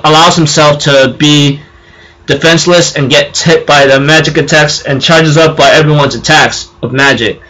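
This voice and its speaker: A man's voice: fairly high pitch, a bit bright, poor audio. Rambling young man recapping episodes. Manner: rambling, with fillers and self-corrections. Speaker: anime recap vlogger.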